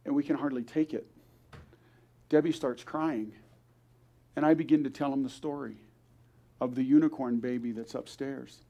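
A man's voice: medium pitch, fairly even intonation, normal speed, long pauses, muffled recording. An older man, a grandfather, telling an earnest story at a church service, acting out the voices of the people he quotes. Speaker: guest speaker.

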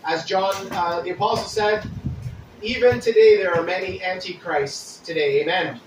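A man preaching a sermon, reading scripture aloud with deliberate pauses and restarts. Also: high-pitched, roomy sound, distant mic, slight background noise, rough recording. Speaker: pastor.

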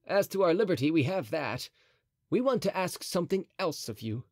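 A man's voice: on the high side, very animated, moderate pace, no echo, studio quality, voice pushed up. A man doing a cocky, teasing swordsman. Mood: mocking. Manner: confident, teasing, courteous. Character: bold, mocking young Gascon swordsman.

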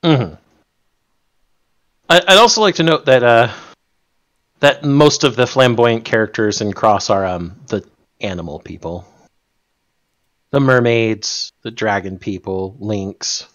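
A man in casual discussion, animated and profane, often restarting his sentences. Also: on the low side, slow pace, pauses often. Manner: animated, swears freely, stumbles and restarts.

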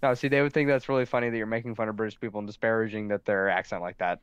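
Male co-host, fast casual talk, dry muffled recording. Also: fairly low pitch, fairly even intonation, clear, resonant tone. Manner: rambling, lots of fillers. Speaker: podcast co-host. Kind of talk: casual chat.

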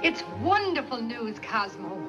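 A woman's voice: fairly high pitch, very animated, unhurried. An actress playing a brash, folksy American woman ambassador in a 1950s film, talking in a direct, brassy way. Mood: cheerful. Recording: dull 1950s film soundtrack with music.

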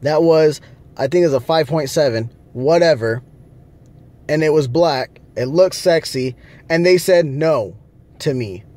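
Man venting to camera from a car, slow drawling delivery, slightly high voice, heavy cursing. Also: a little mellow. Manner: angry, profane ranting. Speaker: vlogger. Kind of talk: casual vlog rant.

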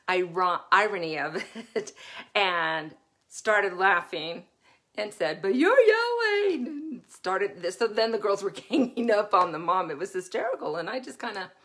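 A woman's voice: mid-range voice, unhurried, fairly bright tone. A woman hosting a live parenting session in a casual, chatty way. She laughs often while telling stories and asks her listeners rhetorical questions.

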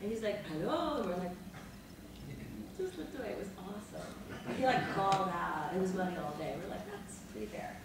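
A woman in her fifties, an actress on a panel, telling behind-the-scenes stories in a lively, dramatic way, laughing and swearing freely. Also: medium pitch, a little fast. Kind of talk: animated anecdotal storytelling. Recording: echoey room, mic far off, noisy.

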